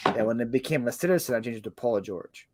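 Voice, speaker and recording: A man's voice: medium pitch, animated, fast talker, background noise. A man from Russia co-hosting a casual livestream, playful and teasing. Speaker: livestream co-host. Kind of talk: casual live chat.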